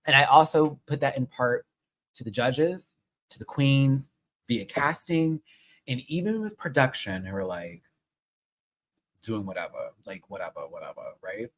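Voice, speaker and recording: A man's voice: mid-range voice, a little slow, poor audio. Chatty swearing man reviewing live. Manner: chatty, swears often, excitable. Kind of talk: casual live stream review.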